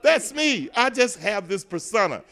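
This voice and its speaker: Older Southern man, lively pitch, playful teasing guest, bright tone. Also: a little slow. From Nashville, US South. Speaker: guest, TV show host. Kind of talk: casual interview chat. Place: event venue, indoors.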